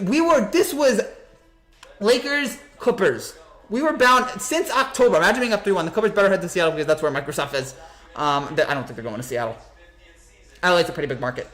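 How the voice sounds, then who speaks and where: A young man hosting a postgame basketball reaction stream, talking in an excited, hyped-up way and reading out reactions. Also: high voice. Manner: excited, rapid, hyped-up sports talk. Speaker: sports commentary host.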